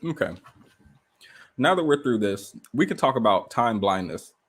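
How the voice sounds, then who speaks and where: A man hosting a casual livestream from a rented room indoors, telling stories in an animated way and firing off rhetorical questions. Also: medium pitch, normal speed, husky. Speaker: livestream host.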